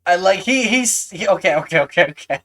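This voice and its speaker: A woman running a tabletop game, narrating in a halting way with frequent restarts. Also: on the low side, expressive. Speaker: game master.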